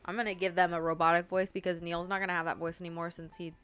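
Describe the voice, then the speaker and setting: A woman's voice: on the low side, little pitch movement, racing, fairly bright tone, clean tone, faint music behind. Chatty woman gamer. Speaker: gaming streamer. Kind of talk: casual aside during a playthrough.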